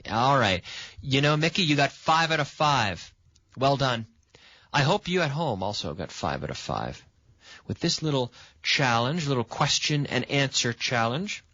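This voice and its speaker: A man hosting a radio English lesson, patiently quizzing a student and stressing words with lively intonation. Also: mid-range voice, measured pace, dry recording. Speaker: English teacher and radio host. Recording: dull, lo-fi sound.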